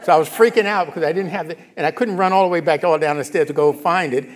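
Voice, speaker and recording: With a slightly high voice and a quick pace, a middle-aged male minister gives a conversational sermon in a church sanctuary, staying casual and animated and repeatedly asking if the congregation follows.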